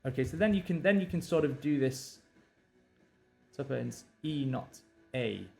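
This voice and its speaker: A man's voice: medium pitch, lively intonation, vocal fry, a little mellow, faint music behind. Man thinking aloud while drafting a novel. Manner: halting, many fillers and restarts, reads draft lines aloud. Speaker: novelist live-streaming his writing.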